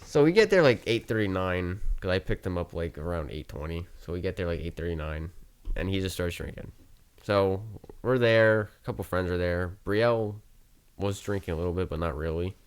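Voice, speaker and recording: Low-voiced young man telling a rambling story. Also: expressive, moderate pace, clear, resonant tone. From New Jersey. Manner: rambling, filler-heavy, profane anecdote telling. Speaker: podcast guest. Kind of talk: casual chat storytelling.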